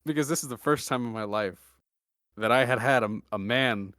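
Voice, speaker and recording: A young man hosting a podcast, telling a story in a deadpan, joking way with mock-serious asides. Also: mid-range voice, moderate pace, a little hiss or hum. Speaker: podcast host. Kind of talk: casual storytelling chat.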